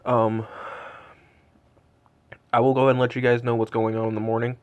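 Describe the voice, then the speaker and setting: A cold, shivering vlogger in his twenties chases Santa and rambles in awe, filler after filler, in a casual, excited style. He speaks briskly in a mid-range, level voice with a darkish tone.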